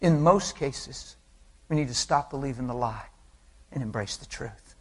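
A man preaching a sermon, telling an anecdote with lively acted quotes and laughing along with the congregation. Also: medium pitch, unhurried. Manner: animated storytelling, voices quotes, laughs with the crowd.

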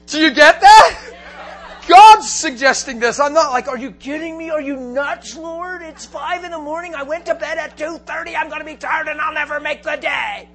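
High-voiced, animated man preaching. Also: moderate pace. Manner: animated, laughing, shouts for emphasis. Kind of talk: storytelling sermon.

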